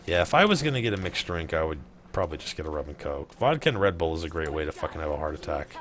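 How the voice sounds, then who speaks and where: Man, very low voice, sarcastic swearing gamer commentary, keyboard clatter and noise behind. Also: big pitch swings, quick pace, a bit bright. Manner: profane, sarcastic, chatting with viewers. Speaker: streamer playing a game. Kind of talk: casual let's play commentary.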